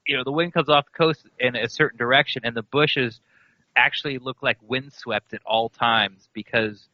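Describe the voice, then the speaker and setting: A man co-hosting a sports podcast, rambling and animated, laughing as he talks. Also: mid-range voice, normal speed, no echo. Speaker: podcast co-host. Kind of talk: casual sports chat. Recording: dry, slightly dull podcast audio.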